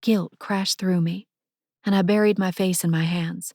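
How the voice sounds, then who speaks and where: A woman narrating a first-person romance audiobook in a soft, intimate manner, on a close studio mic. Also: lowish voice, fairly even intonation, a little slow, no room sound.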